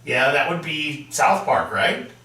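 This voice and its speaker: A man co-hosting a casual chat show, relaxed and thinking aloud with fillers. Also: a little high, unhurried. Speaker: show host. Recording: echoey room, far from the mic, faint noise.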